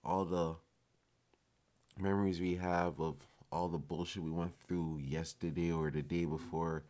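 A man's voice: low voice, level tone, unhurried, darkish tone. A man hosting a podcast, speaking in a casual, emphatic motivational monologue, swearing freely. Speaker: podcast host.

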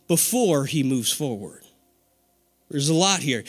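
Animated, high-pitched preaching man. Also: a little slow, long pauses. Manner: animated preaching with call-and-response and laughter. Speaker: pastor. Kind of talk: sermon.

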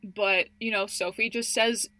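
A woman's voice: medium pitch, fairly even intonation, a little slow, sharp tone, no echo. A young woman chatting casually as a podcast co-host, laid-back and laughing, with casual slang. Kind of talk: casual chat.

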